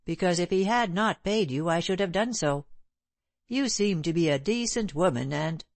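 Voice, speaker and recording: A woman reading the part of a proud, bitter gentleman who speaks in a sneering, clipped way. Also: lowish voice, moderate pace, no echo, close to an everyday voice. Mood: scornful. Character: proud bitter middle-aged gentleman, scornful.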